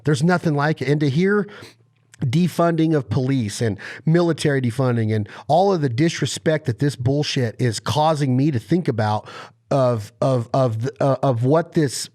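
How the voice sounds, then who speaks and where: A man hosting a podcast interview, telling stories in an animated, impassioned way. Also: mid-range voice. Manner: animated storyteller, impassioned and emphatic. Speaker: podcast host.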